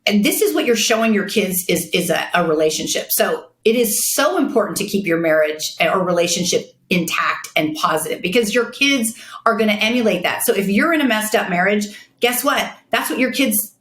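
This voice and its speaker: A woman's voice: mid-range voice, expressive, fairly quick, few pauses, fairly bright tone. A middle-aged woman guest on an interview, speaking frankly and bluntly about her life. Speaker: guest, makeup artist and CEO. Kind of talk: casual interview chat. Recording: echoey room.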